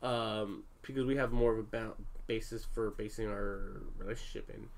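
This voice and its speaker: A man's voice: fairly low pitch, moderate pace. A man in his thirties, a parent chatting casually with his family, telling a story candidly, with lots of swearing and fillers. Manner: candid, profane, animated storytelling. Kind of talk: casual podcast chat with family.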